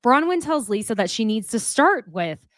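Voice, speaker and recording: A woman's voice: fairly high pitch, very animated, moderate pace, fairly bright tone, no echo. Candid woman recapping reality TV, dry sound. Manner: candid and opinionated, swears casually. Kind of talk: casual recap commentary.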